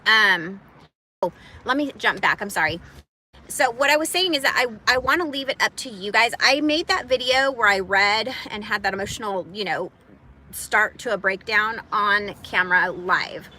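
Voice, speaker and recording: A woman talking live to her viewers in a halting, emotional way, close to tears and apologizing as she goes. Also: mid-range voice, pushed and bright, low-quality recording. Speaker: vlogger, single mom. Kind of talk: emotional live-stream talk.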